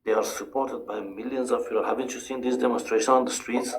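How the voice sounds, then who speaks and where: A man calling in to a live stream, arguing his point in a halting way and repeating words. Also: mid-range voice, fairly even intonation, a little hiss or hum, low-quality recording. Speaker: guest caller.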